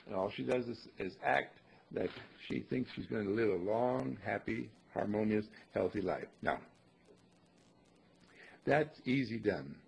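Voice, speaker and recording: An older man giving a rambling, folksy spoken reflection, repeating phrases and clearing his throat now and then. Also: lowish voice, expressive, a little slow. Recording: dull lo-fi recording.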